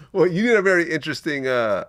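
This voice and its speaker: A man hosting an interview, asking questions in a measured, conversational way. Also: on the high side, very animated, fairly bright tone, no echo. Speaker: interviewer host.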